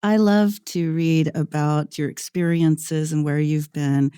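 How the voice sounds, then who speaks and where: A woman's voice: sits low, steady tone, measured pace, dark tone, clean tone, no room sound, clean studio sound. A woman hosting a podcast interview, talking with enthusiasm and laughing readily. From Oklahoma. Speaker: host.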